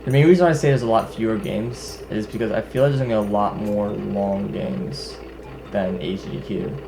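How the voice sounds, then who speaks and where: A man's voice: fairly low pitch, moderate pace, creaky, noisy background. A young man co-commentating a speedrun, talking casually and hesitantly with many fillers. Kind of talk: casual stream chat. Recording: game music playing behind.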